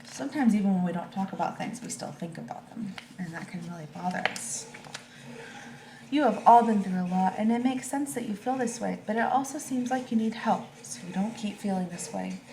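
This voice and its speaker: A woman teacher reading a picture book to children and talking it over with them in a gentle, reassuring way. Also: medium pitch. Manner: gentle, slow and reassuring, asks children questions. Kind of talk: storybook read-aloud with discussion. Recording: echoey room with faint background noise.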